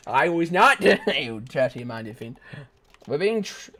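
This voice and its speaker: A man's voice: mid-range voice, sing-song, a little slow, bright, forceful tone. Young guy streaming a shooter, goofy and rambly, voice swings way up and down, squeals and laughs a lot. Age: young adult. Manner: goofy, rambling, bursts into shrieks, laughter and sung snatches. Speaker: gaming streamer. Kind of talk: casual live gameplay commentary.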